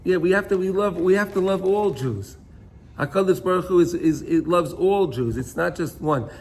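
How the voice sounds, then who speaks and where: A man's voice: sits high, normal speed. A man teaching an informal Torah class, telling stories and often checking in with "right?".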